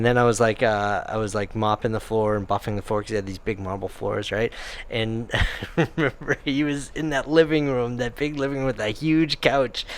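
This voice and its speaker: Man telling animated stories, smooth voice. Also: medium pitch. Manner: animated storyteller, acts out quotes, laughs often. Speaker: podcast co-host. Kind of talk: casual chat.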